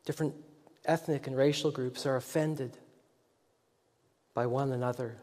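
A man's voice: mid-range voice, steady tone, moderate pace, darkish tone. A man preaching a sermon as a pastor, telling a story in a rambling, self-deprecating way with many restarts. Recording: long echoing hall reverb.

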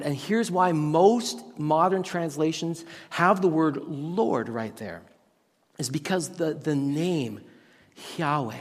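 A man preaching a sermon as pastor, teaching on Hebrew words with lively rhetorical questions. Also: on the high side, big-room sound. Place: church sanctuary with tech team.

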